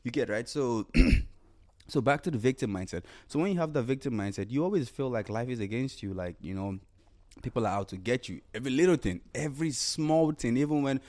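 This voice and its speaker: A man hosting a solo podcast, talking casually about mindset and acting out imagined inner voices with repeated phrases. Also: mid-range voice. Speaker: podcast host.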